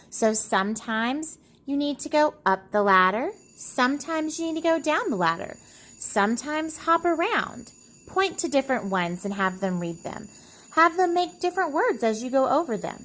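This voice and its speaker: A woman teacher guides parents through how children learn to read. She explains patiently and slows down to sound out letters and short words as examples. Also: mid-range voice. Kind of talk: phonics lesson for parents.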